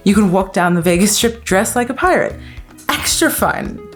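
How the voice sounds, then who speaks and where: A woman's voice: medium pitch, a little fast, faint music behind. A woman vlogging in a chatty, playful way, laughing often as she talks. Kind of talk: casual vlog talk.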